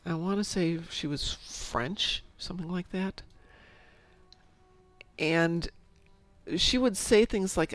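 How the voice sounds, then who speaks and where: A woman's voice: on the low side, takes it slowly, long pauses, no room sound. A middle-aged woman streaming a game, chatting casually and talking to herself as she plays. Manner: chatty, rambling, self-talk while playing. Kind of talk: casual chat while gaming.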